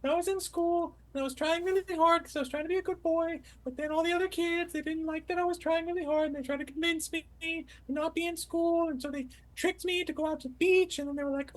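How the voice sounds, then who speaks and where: A woman's voice: extremely high pitch, steady tone, quick pace, few pauses, rough recording. A woman player telling a rambling, goofy story in character at a tabletop game. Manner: rambling, goofy comedic delivery.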